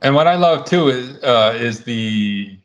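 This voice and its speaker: A man in his thirties hosting a casual podcast chat, relaxed and rambling with frequent restarts. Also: mid-range voice, a little slow, highs cut off. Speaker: podcast host.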